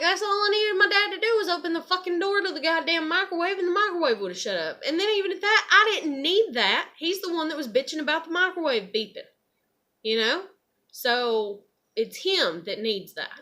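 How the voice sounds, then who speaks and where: Heated, sharp-voiced woman ranting. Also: high-pitched. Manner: heated, profane, rambling. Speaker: vlogger. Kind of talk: ranting personal story.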